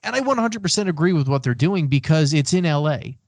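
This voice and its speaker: This podcast co-host speaks a little fast in a slightly high voice with lively intonation, and there's no room sound. Recording remotely on his own mic, he stakes out his music picks firmly and argues them, building a case through the casual debate.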